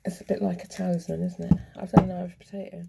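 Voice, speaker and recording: A woman vlogger in a rambling casual monologue, chuckling often and bickering with herself, with a gravelly voice. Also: fairly low pitch, little pitch movement, quick pace, very noisy.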